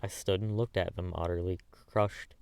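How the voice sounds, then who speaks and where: A man's voice: low voice, fairly even intonation, moderate pace, vocal fry, a little mellow, clear, resonant tone, dry recording. A man narrating a classic novel as an audiobook, reading the dialogue plainly with little change of voice between the characters.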